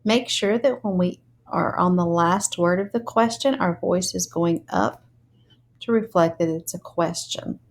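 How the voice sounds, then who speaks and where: A woman teaching a phonics lesson, speaking slowly and deliberately and spelling words out letter by letter. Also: fairly low pitch.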